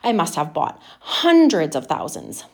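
A woman's voice: low-pitched, wildly swooping pitch, a little slow, creaky, darkish tone, heavily acted. A woman voicing a boastful middle-aged factory owner who spoils his daughter, talking in a chatty, bragging way.

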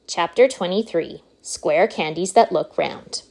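A woman reading a children's book aloud as narrator, in an unhurried, expressive storytelling way. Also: mid-range voice, gravelly.

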